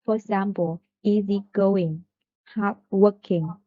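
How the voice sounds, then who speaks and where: Slow woman reading a pronunciation lesson. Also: mid-range voice, fairly even intonation, dry recording. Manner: slow, careful reading of examples. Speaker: student presenter. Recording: dry, phone-like lo-fi sound.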